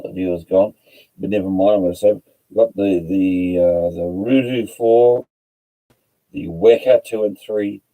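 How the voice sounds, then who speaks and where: A man talks slowly through a casual livestream in a very dark, mellow voice. He rambles and halts, trips over tricky words and spells them out. His voice sits low. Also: low-quality recording. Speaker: livestream host.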